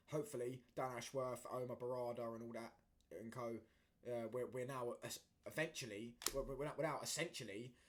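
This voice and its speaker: A man rants about football as the host of his own talk show. His voice sits at an everyday middle pitch. He talks in a rambling way, stumbling over his words with fillers and restarts, and keeps flaring up into heated outbursts. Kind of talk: casual opinion rant.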